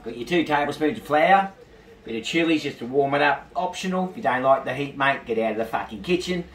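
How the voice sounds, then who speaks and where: A man's voice: mid-range voice, animated, a little fast, a bit bright. A man with an Australian accent hosting a crude comic cooking show, brash and foul-mouthed as he rants his way through the recipe. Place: home kitchen. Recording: roomy and distant with faint sizzling.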